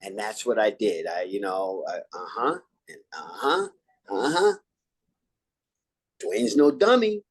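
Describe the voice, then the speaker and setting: An older man from New York, an actor, telling stories in a relaxed interview and acting out old lines and catchphrases. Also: fairly low pitch, slow, pauses often. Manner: animated, acts out quotes and catchphrases. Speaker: actor guest.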